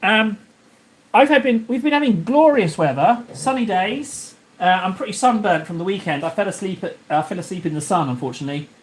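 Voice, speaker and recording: A man from Cornwall, England, chats casually on a live stream while painting miniatures, rambling, joking and talking to his viewers. His voice is high with lively intonation and a slightly fast pace. There's a little hiss or hum on the recording.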